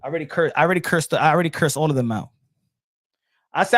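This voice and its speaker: A man's voice: on the high side, very fast, pauses often, fairly bright tone. A man hosting a boxing livestream, talking casually and animatedly, switching between English and Spanish and repeating himself.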